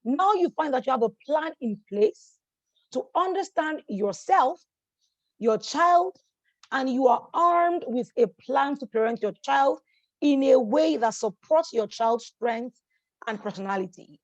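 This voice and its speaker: A woman hosting a motivational masterclass, energetic and encouraging, who keeps checking in with her audience and repeats phrases for emphasis. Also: high voice, measured pace, no echo, lo-fi sound. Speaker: life coach hosting a masterclass. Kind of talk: motivational teaching talk.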